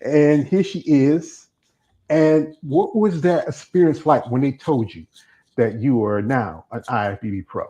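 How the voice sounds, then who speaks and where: A man's voice: mid-range voice, unhurried, dark tone, dull audio. A man hosting a live streamed interview, talking in a rambling, chatty way that often stops and starts over. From American South. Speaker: podcast host. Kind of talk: casual interview chat.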